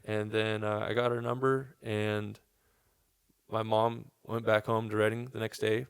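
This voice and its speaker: With a fairly low, creaky but smooth voice, a young adult man relaxes into a long podcast story, cursing and voicing other people's quotes. He speaks unhurriedly in a level tone, and the studio-quality recording has no room sound.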